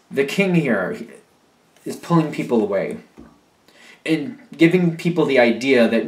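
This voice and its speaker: A man's voice: fairly high pitch, expressive, brisk. A young man giving a casual tarot reading, talking in a loose, repetitive, conversational way. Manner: conversational, repetitive, acts out imagined voices of the listener. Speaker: tarot reader. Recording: echoey room.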